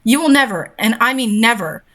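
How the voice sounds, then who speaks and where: A woman's voice: on the high side, lively intonation, moderate pace, fairly bright tone. Woman reading a strict angry mom, clipped scolding lines, everyday voice. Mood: stern. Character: stern angry mother of a teen girl.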